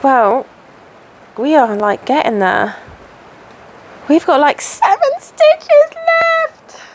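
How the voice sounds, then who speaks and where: A woman's voice: high-pitched, huge pitch swings, extremely slow, noisy background. Chatty woman in her thirties. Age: 30s. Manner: chatty, rambling, self-interrupting. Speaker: crafting channel host. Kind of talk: casual stitch-along chat. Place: home, indoors.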